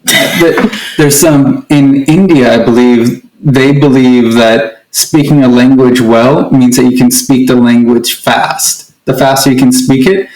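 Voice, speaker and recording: A man's voice: medium pitch, steady tone, measured pace, a little mellow. A man co-hosting a casual conversation, explaining at length with frequent restarts. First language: English. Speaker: co-host. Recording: echoey room.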